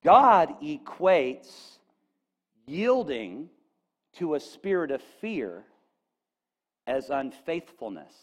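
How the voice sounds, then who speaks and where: A male pastor preaching a sermon, animated and folksy, with asides to the congregation, and rising to near-shouts on quoted lines. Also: fairly high pitch, very slow, long pauses. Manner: folksy asides, addresses audience with "okay?".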